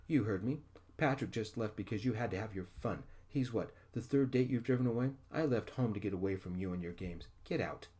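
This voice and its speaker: A man's voice: lowish voice, a little fast, mellow, lightly acted. Man playing angry young man, raised indignant voice, storybook reading. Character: young gay man, angry at his father.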